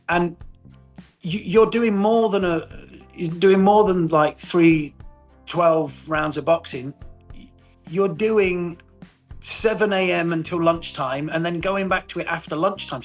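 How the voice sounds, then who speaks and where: A middle-aged man in a casual interview, telling stories with animation, swearing and laughing often. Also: fairly high pitch. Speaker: actor guest.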